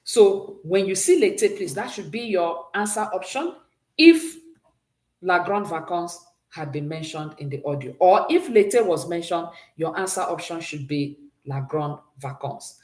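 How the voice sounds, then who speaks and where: A woman's voice: fairly low pitch, animated, measured pace, darkish tone. Encouraging woman teacher in an echoey room. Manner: patient, praises often, drills pronunciation with repeat-after-me prompts. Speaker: French teacher. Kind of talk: exam-prep language lesson.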